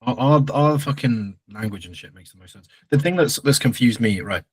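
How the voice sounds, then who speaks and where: A man's voice: mid-range voice, expressive, moderate pace, a little mellow, husky. A young man in casual podcast chat, blunt and jokey, peppering his talk with slang and swearing. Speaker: podcast co-host.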